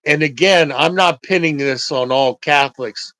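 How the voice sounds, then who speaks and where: An older man slowly recounting personal memories, halting and reflective, with frequent pauses. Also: fairly high pitch, bright, forceful tone, no room sound, low-quality recording. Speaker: storyteller. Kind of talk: personal storytelling.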